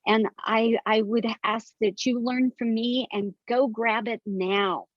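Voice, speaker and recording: A woman's voice: fairly high pitch, fairly even intonation, takes it slowly, no room sound. An older woman, a guest author, telling detailed stories earnestly in a conversational interview. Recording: dry, slightly dull sound.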